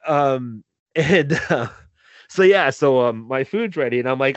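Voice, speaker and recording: A man's voice: medium pitch, lively intonation, normal speed, fairly bright tone, dry recording, muffled recording. Profane, laughing man on a video call. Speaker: podcast co-host. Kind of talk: casual chat over a video call.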